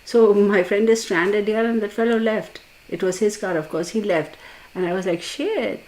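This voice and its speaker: A woman who reads cards, casually telling a personal story in an animated way, laughing often and full of fillers and restarts. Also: medium pitch, moderate pace, poor audio. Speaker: card reader.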